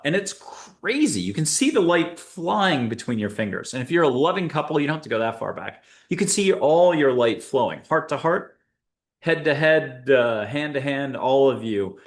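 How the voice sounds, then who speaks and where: A man hosting a spiritual show, guiding listeners through an exercise in a playful, upbeat, joking way with quick asides. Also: a little high. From United States. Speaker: host and angel intuitive. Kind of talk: guided spiritual talk to listeners.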